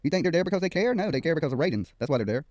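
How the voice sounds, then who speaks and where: A man hosting a livestream talks at a rapid clip and jokes and laughs his way through the chat, swearing freely. His voice sits fairly high for a man and is recorded close and dry, with no room sound. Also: expressive, darkish tone, no echo. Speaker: livestream host.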